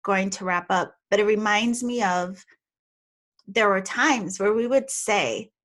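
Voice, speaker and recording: A woman in her thirties hosting a podcast, chatting warmly with a close friend and laughing easily. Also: medium pitch. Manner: affectionate, chatty, quick to laugh. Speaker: podcast host. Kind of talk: casual chat.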